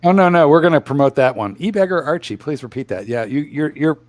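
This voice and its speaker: A man's voice: on the high side, expressive, quick pace, darkish tone. A man co-hosting a casual livestream chat, wisecracking and laughing often. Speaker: livestream co-host.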